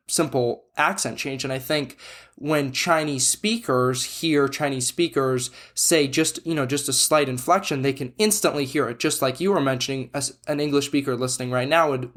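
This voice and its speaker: A man co-hosting a podcast, talking things through in a thoughtful, reflective way. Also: medium pitch. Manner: thoughtful, reflective, frequent "you know" and restarts. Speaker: podcast co-host. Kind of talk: casual conversation.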